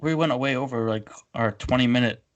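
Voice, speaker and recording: A man co-hosting a relaxed podcast, talking loosely and joking with his partner. His voice sits at an ordinary middle pitch, and he swears lightly now and then. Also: fairly quick, no room sound, highs cut off. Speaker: podcast co-host. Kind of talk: casual chat.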